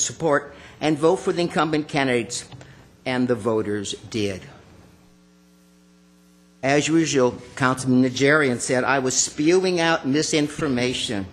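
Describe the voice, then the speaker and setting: A man giving public comment at a city council meeting, accusatory and confrontational, calling out officials by name from a podium microphone. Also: medium pitch.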